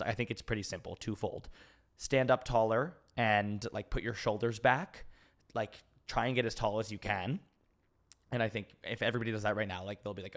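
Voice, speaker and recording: A man in his twenties hosting a casual podcast Q&A, rambling openly with many fillers and restarts. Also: lowish voice. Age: 20s. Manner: open and emotional, laughs easily. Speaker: podcast host. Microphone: podcast mic.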